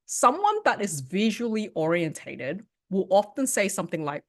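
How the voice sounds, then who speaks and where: A woman's voice: medium pitch, moderate pace. A woman coach teaching an interactive online workshop, talking casually, often checking in with "right?" and laughing, heard over a video call. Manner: animated, conversational, often asks "right?" and laughs. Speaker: sales and communication coach.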